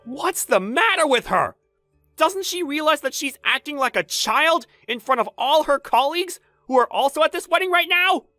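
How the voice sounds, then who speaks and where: A woman's voice: sits high, animated, normal speed, sharp tone, no room sound, soft background music. A woman voicing a caring female company boss, worried and indignant, in a voiced story drama. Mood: concerned.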